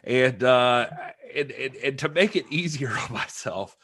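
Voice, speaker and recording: A man's voice: medium pitch, lively intonation, unhurried, a bit bright, breathy edge. A man hosting a casual podcast, easygoing and often laughing. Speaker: host. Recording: roomy echo.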